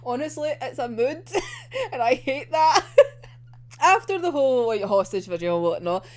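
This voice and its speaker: Excitable, sweary woman vlogger. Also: sits high, unhurried. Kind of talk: casual anime episode reaction.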